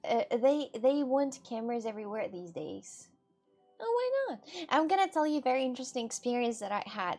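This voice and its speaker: Lady vlogger telling a travel story, high voice, laughs a lot, shrieky bits, soft music under it. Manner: animated, laughing, bursts of shrieks while retelling. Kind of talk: casual storytelling to camera.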